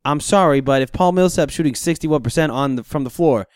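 A man hosting a casual sports talk show, ranting in an animated, incredulous way. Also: fairly high pitch, brisk, clean tone, no echo, studio quality.

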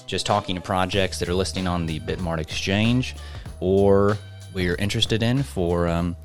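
Deep-voiced male crypto AMA host. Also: normal speed, soft background music. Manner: chatty, upbeat, lots of fillers. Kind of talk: live crypto AMA hosting.

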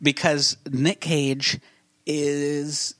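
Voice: medium pitch, flat delivery, extremely slow, a bit bright, no echo. A podcast host chatting casually about a movie, playful and enthusiastic.

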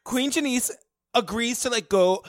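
A podcast co-host retelling a documentary in casual chat, expressive and laughing along. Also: mid-range voice, no echo, clean studio sound. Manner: expressive storyteller, laughs along, quick affirmations.

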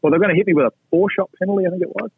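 A man's voice: high voice, racing, creaky, husky, no room sound. Australian man on a tinny line. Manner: animated anecdotes with blunt, salty asides. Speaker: podcast guest, pro golfer. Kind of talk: casual storytelling. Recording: tinny phone-like line, dry.

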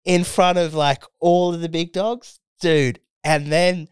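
Man, Australian accent, late twenties, podcast co-host, crude slangy chat, smooth clear voice. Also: fairly high pitch, steady tone, takes it slowly, no echo, studio quality. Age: late 20s. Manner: crude, slangy, puts on mocking voices in stories. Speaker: podcast co-host, stand-up comedian. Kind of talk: casual chat.

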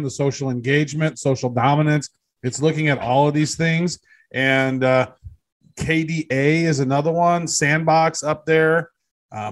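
A man with a fairly high voice co-hosts a casual podcast. He jokes around and gets excited as he reads out numbers. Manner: excitable, jokey. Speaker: podcast co-host. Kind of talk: casual chat.

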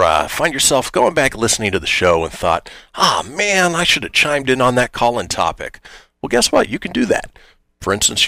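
A man's voice: on the low side, gravelly, no room sound. A man hosting a casual morning radio show, reading listener posts aloud and joking about them. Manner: lively, reads listener posts aloud with jokes.

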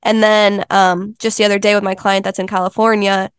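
A woman's voice: medium pitch, flat delivery, a little fast, clear, resonant tone, no room sound, studio quality. A woman being interviewed as a healing counselor, telling stories in an earnest, chatty way. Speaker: Ayurveda health counselor and intuitive healer, interview guest. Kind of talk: casual interview chat.

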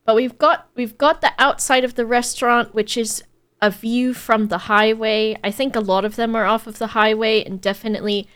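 A woman's voice: fairly high pitch, moderate pace, smooth. Playful American woman podcast host. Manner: playful, joking, animated. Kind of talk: casual chat.

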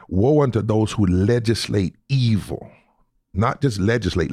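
A man's voice: deep voice, a little mellow, no echo, studio quality. A man answering interview questions as a preacher, citing scripture with emphatic repetitions. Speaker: guest preacher.

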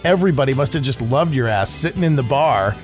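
A man's voice: mid-range voice, lively intonation, quick pace, soft background music. A man hosting a podcast interview, chatting casually and reacting with easy laughter and enthusiasm. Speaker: podcast host.

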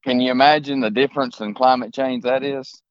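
A man from Georgia with a Southern accent, a guest talking shop in a relaxed, plain-spoken way on a podcast. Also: medium pitch, a little fast, dry recording, dull audio. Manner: plain-spoken, drawling, uses y'all. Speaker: guest, excavation contractor. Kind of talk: casual podcast chat.

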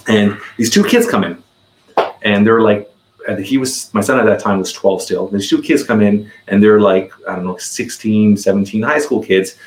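A man's voice: lowish voice, normal speed, roomy sound, a little hiss or hum, low-quality recording. A man in his forties, a podcast guest, telling a story in casual conversation, rambling and repeating words as he goes.

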